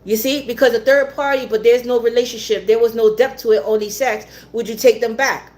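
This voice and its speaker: A woman's voice: fairly high pitch, fairly even intonation, a little fast, a little mellow. A woman giving a tarot reading in a blunt, repetitive way, swearing now and then. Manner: blunt, swears, repeats herself, laughs often. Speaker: tarot reader.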